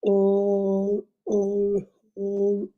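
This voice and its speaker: A woman's voice: medium pitch, completely flat delivery, extremely slow, lo-fi sound. A woman in her fifties hosting a casual live stream, chatting, laughing often and greeting viewers one by one. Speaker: host.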